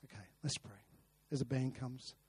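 A man's voice: mid-range voice, normal speed, a little mellow, husky. A man preaching a sermon, earnest, with rhetorical questions and repeated words. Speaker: pastor. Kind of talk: sermon with a told story.

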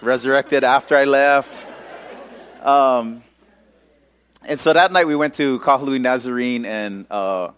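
A man's voice: mid-range voice, fairly bright tone, clear, resonant tone. A male pastor telling a personal story in a casual sermon, using lots of local slang.

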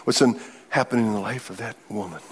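A middle-aged man preaching a sermon, telling stories in an animated way and laughing often. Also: fairly low pitch, fast, slightly rough. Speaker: pastor.

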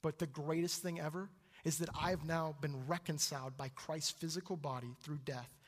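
A young adult man preaching a sermon, jumping to loud high exclamations and dropping to hushed low asides. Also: steady tone, normal speed. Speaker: pastor.

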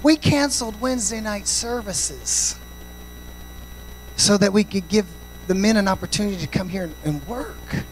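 A male pastor preaching a sermon, swinging from shouted, sing-song passages to quiet, confiding stories and dropping in "amen" and "praise God" often. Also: sits high, expressive, normal speed, a little hiss or hum, rough recording.

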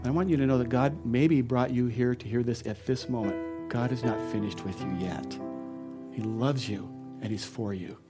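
A man's voice: medium pitch, moderate pace, over music. A middle-aged man, a pastor, preaching a sermon in an earnest and personal storytelling way, often laughing.

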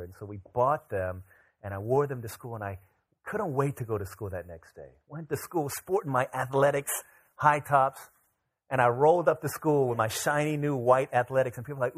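A middle-aged man, a pastor, preaching a casual sermon full of personal stories, acting out the voices of the people in them. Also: mid-range voice. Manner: animated, acts out voices of people in his stories. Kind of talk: storytelling sermon.

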